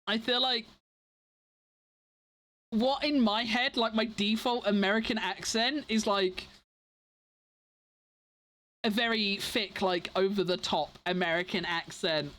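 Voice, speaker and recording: This young Englishwoman chats casually with her stream viewers, rambling along with plenty of fillers, restarts and self-interruptions. Her mid-range voice is steady and fairly bright, and she speaks slowly with long pauses.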